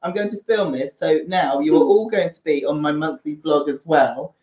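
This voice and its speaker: A man hosting a casual livestream chat from the sofa of his flat, excitable and quick to laugh. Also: on the high side. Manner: excitable, squealing and laughing often. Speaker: channel host. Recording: roomy, dull livestream audio.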